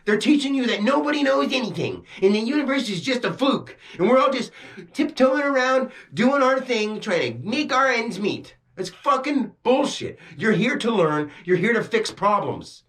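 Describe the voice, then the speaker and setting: A very high-pitched, very animated male voice, a bit bright, moves at normal speed. He rants to camera in frustration, preaching like a self-styled spiritual teacher and swearing freely throughout.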